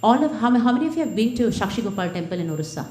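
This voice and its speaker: Woman temple speaker, mid pitch, chatty devotional talk, roomy hall with faint noise. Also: expressive, rapid-fire, a little mellow. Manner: personal, conversational, asks the audience questions.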